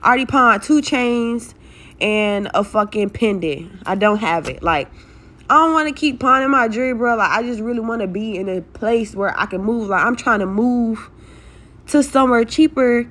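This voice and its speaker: A woman's voice: fairly high pitch, lively intonation, moderate pace, fairly bright tone. Blunt, cursing young woman venting. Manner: blunt, heavily profane, talks straight to viewers. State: stressed. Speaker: vlogger telling a personal story. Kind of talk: casual story time, venting to viewers.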